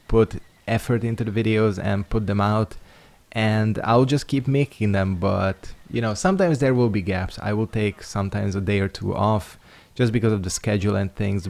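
A man's voice: lowish voice, gravelly, darkish tone. A young man casually talking over his gameplay, rambling and reflective with lots of fillers. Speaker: YouTuber.

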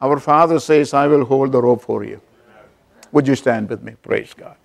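A man's voice: mid-range voice, moderate pace, vocal fry. A man preaching a sermon as pastor, telling an illustration story and calling out to his congregation.

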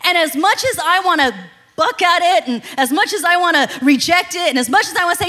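A woman in her thirties preaches with a very high voice. Her tone is bright and forceful. She keeps it conversational and animated, with frequent laughs. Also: brisk. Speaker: pastor. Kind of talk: sermon.

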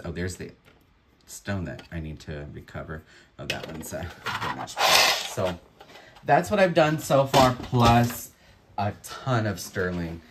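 A man's voice: low-pitched, very noisy. A man who resells jewelry, giving unboxing commentary and musing aloud with admiring remarks.

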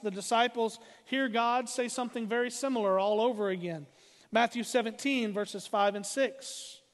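A man preaching a sermon as pastor, emphatic and slowing down to read scripture. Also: very high-pitched, long reverb tail.

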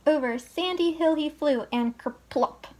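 A woman reading a children's picture book aloud as a teacher, slow and expressive. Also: sits high. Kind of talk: storybook read-aloud.

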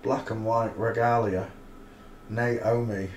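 A man's voice: on the low side, fairly even intonation, slow pace. Scornful man, rambling stream host. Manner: rambling, scornful, crude banter with asides. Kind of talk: mocking live-stream commentary. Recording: roomy echo, faint noise.

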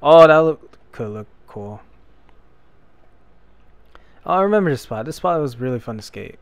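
A young man giving casual let's-play commentary, self-deprecating, with loud frustrated outbursts. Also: mid-range voice, sing-song, normal speed, no echo. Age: young adult. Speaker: gameplay commentator.

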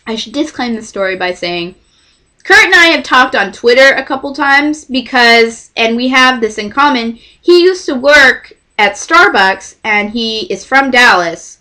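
A woman's voice: fairly high pitch, measured pace. A young woman from Texas telling a story to camera in a casual vlog, acting out what others said. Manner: animated, acts out the voices of others in her story. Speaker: vlogger.

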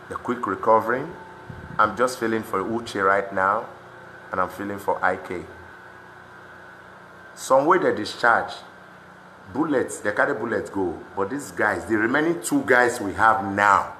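An impassioned young man with a Nigerian Pidgin accent speaks in a forceful, bright voice and rises at times into shouting. He is recorded in an echoey room with faint noise behind him. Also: low-pitched. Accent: Nigerian Pidgin English. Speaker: street commentator. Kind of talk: emotional protest vlog.

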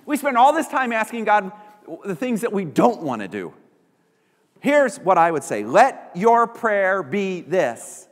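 Animated pastor preaching in a reverberant hall. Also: male voice, sits high, unhurried. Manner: animated, acts out little voices of people he quotes. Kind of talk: sermon. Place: church sanctuary.

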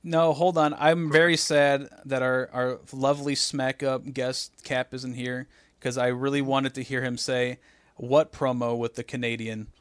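A man with a mid-range, clean-toned voice speaks unhurriedly in a dry recording. He co-hosts a podcast, chatting casually and telling stories as an animated narrator who acts out what others said.

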